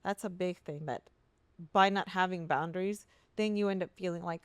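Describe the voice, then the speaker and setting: A woman co-hosting a podcast, telling a personal story in a rambling, animated way with many restarts and fillers. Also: moderate pace, smooth, no room sound. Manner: jumps much higher when quoting her therapist, laughing and near tears. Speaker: podcast co-host. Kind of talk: casual chat.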